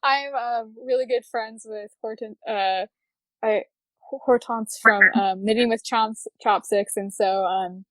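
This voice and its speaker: Slow-talking high-voiced woman host. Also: steady tone, fairly bright tone, no room sound. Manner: giggly, self-deprecating. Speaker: podcast host. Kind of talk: casual chat.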